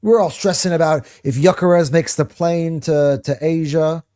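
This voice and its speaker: A slightly high-pitched man with a dark, mellow tone hosts a fan chat show. He rambles with excitement, swears freely and restarts sentences as he goes. He keeps an easy, casual flow throughout. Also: measured pace. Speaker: host of a football fan reaction show.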